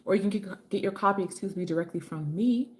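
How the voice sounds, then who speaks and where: A woman's voice: medium pitch, fast talker, slight background noise. Chatty woman hosting a livestream from home. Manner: chatty, greets viewers by name; affectionate, calls viewers honey and babe. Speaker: livestream host and author. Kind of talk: casual live-stream chat. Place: home with kitchen and ring light.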